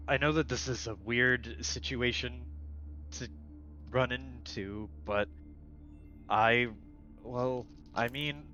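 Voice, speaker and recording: A man's voice: mid-range voice, fairly even intonation, slow pace, long pauses, highs cut off, soft background music. A man voicing a large, nervous, smitten male private military guard who stammers and hesitates. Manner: stammering, hesitant, soft-spoken.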